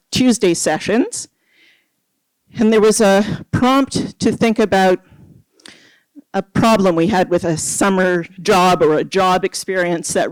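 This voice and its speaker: A poet from Nova Scotia, Canada, reading an original poem at an open mic, slow and measured, with pauses. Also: mid-range voice, no echo, rough recording. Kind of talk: poetry reading with spoken preamble.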